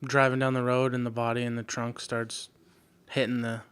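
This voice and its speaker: A man's voice: medium pitch, little pitch movement, normal speed, fairly bright tone, clear, resonant tone. A man co-hosting a podcast, chatting in an easygoing, agreeable way. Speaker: podcast co-host. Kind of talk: casual chat.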